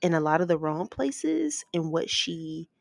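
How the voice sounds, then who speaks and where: A woman's voice: sits low, very animated, measured pace, gravelly, dry recording. A woman casually recapping a movie plot, rambling from scene to scene with lots of "like" and "ends up". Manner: rambling, strings events with "like" and "ends up".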